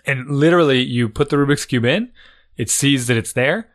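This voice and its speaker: Mid-pitched man musing in casual chat. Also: moderate pace, fairly bright tone. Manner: chatty, musing, talks things through with fillers. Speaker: podcast co-host.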